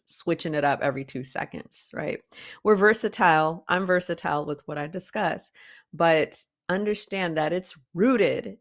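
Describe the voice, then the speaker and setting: A woman hosting a motivational talk for artists, preachy and emphatic, with sudden high rises on key words. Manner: emphatic and preachy, calls listeners "baby cakes". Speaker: art coach and podcast host.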